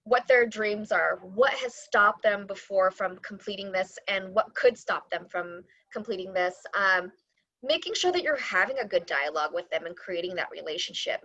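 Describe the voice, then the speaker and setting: Woman admissions coordinator, earnest and steady, muffled dry video call sound. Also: medium pitch, no room sound. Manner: earnest, steady explanation with fillers. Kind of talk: panel discussion answer.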